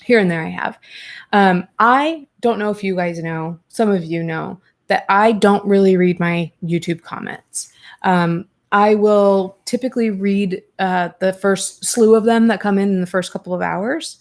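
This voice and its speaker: Reading through viewer comments on her podcast, a young adult woman reacts with candid, animated energy and plenty of swearing. She speaks in an unhurried, mid-range voice.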